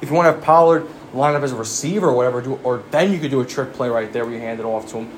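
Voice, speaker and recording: Guy ranting about his team, cussing a lot, keeps asking are you stupid, mid pitch, faint ac hum behind. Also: racing. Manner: exasperated, swearing, rhetorical questions. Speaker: sports fan commentator. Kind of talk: profane sports rant.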